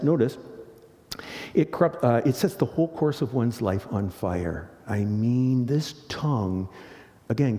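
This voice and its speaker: Man, middle-aged pastor, sermon, mellow dark voice, long hall reverb. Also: mid-range voice. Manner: earnest, animated, rhetorical questions to the congregation.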